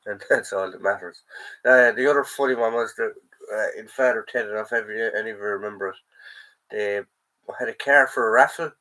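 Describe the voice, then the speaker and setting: Irish host with a sore throat for a casual chat stream: lowish, bright, forceful voice, rambles and reacts to comments. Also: male voice, fairly quick, poor audio.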